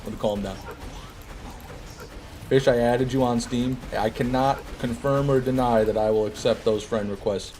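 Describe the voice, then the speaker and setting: A man's voice: medium pitch, little pitch movement, moderate pace, few pauses, dark tone, a little hiss or hum. A man streaming a game, chatting casually and joking while he answers viewers' chat. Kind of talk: casual gameplay commentary, reading chat.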